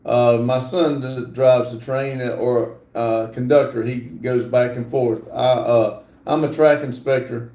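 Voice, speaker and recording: Slow, gravelly middle-aged man. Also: medium pitch, fairly even intonation, a little mellow. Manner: reads viewer comments aloud, halting and apologetic. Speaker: livestream host. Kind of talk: casual livestream chat. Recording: roomy echo.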